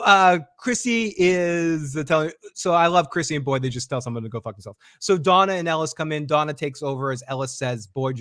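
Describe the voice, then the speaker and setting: A man with a somewhat high voice recaps a TV episode in easy, chatty talk, full of fillers and restarts. He breaks into short acted-out quotes from the characters. The sound is dry and close to the mic. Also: no echo. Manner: animated, acts out quotes, frequent fillers. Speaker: podcast co-host recapping a TV episode. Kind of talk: casual recap chat.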